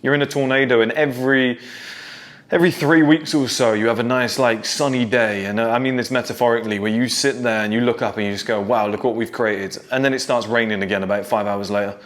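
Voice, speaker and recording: A man's voice: medium pitch, fairly even intonation, fast talker, a bit bright. A man giving a blunt, profane motivational monologue to his followers. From United Kingdom. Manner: blunt, profane, pep-talk. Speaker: self-improvement creator.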